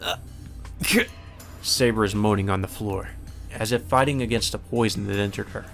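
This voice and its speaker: A man's voice: on the low side, steady tone, brisk, vocal fry, faint music behind. A man hosting a let's play, reading a visual novel's narration aloud and breaking in with casual swearing asides.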